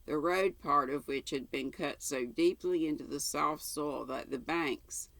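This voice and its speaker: An older woman reading a novel aloud in a calm, steady way, with a gravelly voice. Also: low-pitched, measured pace, dry recording. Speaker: storyteller.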